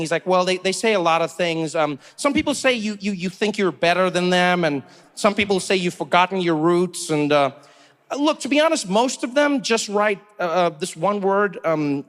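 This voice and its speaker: High-voiced guy doing stand-up, acts out every character in the story, talks into a stage mic. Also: moderate pace. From South Africa. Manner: animated storytelling, acting out dialogue in many voices. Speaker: stand-up comedian. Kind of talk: stand-up comedy set. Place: live stage before an audience.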